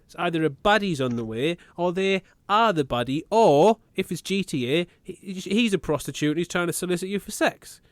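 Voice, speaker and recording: A man's voice: high voice, expressive, brisk, hardly any pauses, no room sound. A man, co-hosting a podcast in casual banter, teasing his co-host and swearing a lot.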